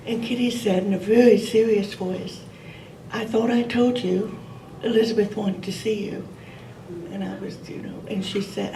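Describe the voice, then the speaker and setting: A woman's voice: mid-range voice, slight background noise. Older woman telling a story in a roomy hall. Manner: warm, laughing, gentle and reflective. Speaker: speaker sharing a memory. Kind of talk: personal storytelling to a gathering. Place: meeting room. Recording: roomy hall audio from a distant mic.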